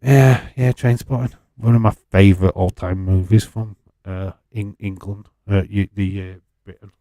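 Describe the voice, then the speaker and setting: A man's voice: on the low side, fairly even intonation, moderate pace, dark tone, no echo. A man hosting a casual wrestling watch-along, rambling and chatty between bouts of commentary, swearing freely. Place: home in Fife.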